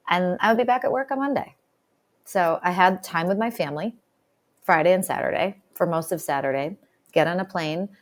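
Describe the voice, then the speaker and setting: A woman guest recounts her story on an interview podcast. She is chatty and animated, with a slightly low voice. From Charlotte, United States. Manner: chatty, animated, laughs often. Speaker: guest, dentist and speaker.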